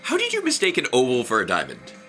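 A young man co-hosting a casual live reaction video, exclamatory and animated, often restarting his sentences. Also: medium pitch, fast talker, faint music behind. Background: television episode playing.

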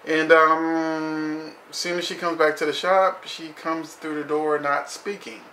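A man's voice: a little high, little pitch movement, measured pace, pushed and bright, roomy sound, a little hiss or hum. A man reviewing a TV episode in casual commentary, blunt and profane, saying "you know" constantly.

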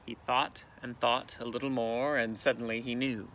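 A male teacher reading a picture book aloud with expressive, dramatic storytelling, outdoors in a canoe. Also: mid-range voice, normal speed, few pauses, a little hiss or hum.

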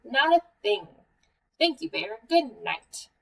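A woman playing a tiny, overly polite male mouse, eager and a little mischievous. The voice is high and unhurried, heard from a short distance off the mic. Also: sing-song, gravelly, pushed and bright, exaggerated voice. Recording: voice a bit far from the mic.

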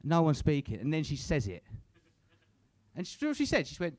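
A young man works a comedy club crowd with crude, profane stand-up. His voice sits a little high for a man and swings widely in pitch. He drops in a casual "innit" after his lines. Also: huge pitch swings, normal speed, no room sound. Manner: crude, swears a lot, tag questions like "innit". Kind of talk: live stand-up set.

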